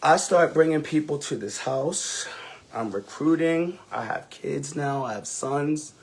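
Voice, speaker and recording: On a live stream, a ballroom house mother tells an emotional, candid story full of profanity, delivered with sass and drama. His voice sits on the high side and is slightly rough, and he takes his time.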